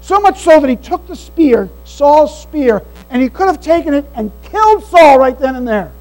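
Pastor guy preaching, really high voice, earnest and emphatic, mains hum behind. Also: very animated, moderate pace, a little mellow, soft background music, rough recording. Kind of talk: sermon.

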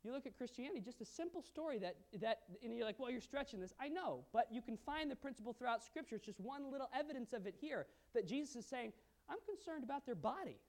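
A male pastor preaching a sermon, asking the audience questions and swinging from quiet asides to loud emphasis. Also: very high voice, lively intonation, fast, few pauses.

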